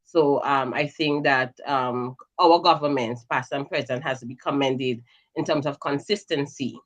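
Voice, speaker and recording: A woman's voice: rumbling low, fairly even intonation. Earnest woman calling in. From Grenada. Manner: measured, earnest, many fillers. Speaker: caller commenting on the budget. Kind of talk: casual call-in commentary.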